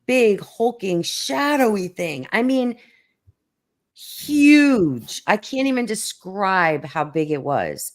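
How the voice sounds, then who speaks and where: A middle-aged woman hosting a casual chat, telling a story with many restarts and acting out quotes in a higher voice. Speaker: host.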